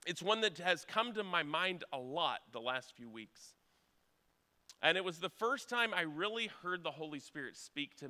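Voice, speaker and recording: A man's voice: on the high side, bright, forceful tone, in a large hall. A man preaching a sermon in a church, telling a story earnestly and urging his listeners on. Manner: earnest storytelling, rising to urgent exhortation.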